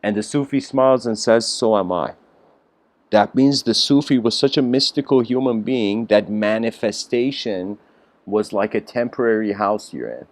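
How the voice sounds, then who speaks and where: A man's voice: lowish voice, normal speed, no room sound. Rambling man telling a story. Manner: rambling, many fillers and self-corrections. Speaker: lecturer. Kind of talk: casual spoken storytelling lecture.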